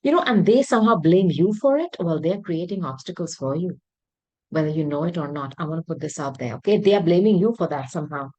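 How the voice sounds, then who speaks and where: A tarot reader with a low, husky, darkish voice gives a fast-paced reading to her viewers, speaking emphatically and going by intuition. She repeats words for stress and clears her throat occasionally, and the audio is dull.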